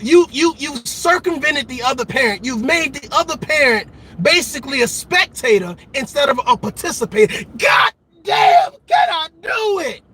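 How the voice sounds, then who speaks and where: High-voiced man ranting emphatically. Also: pushed and bright. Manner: emphatic, repetitive, calls out to listeners. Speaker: show host. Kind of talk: impassioned commentary monologue.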